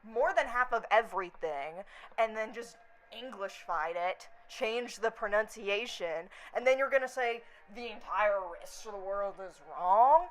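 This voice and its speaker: Animated, foul-mouthed young woman vlogger. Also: mid-range voice. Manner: animated, swears freely, slips into quick impressions. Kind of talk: casual rambling chat.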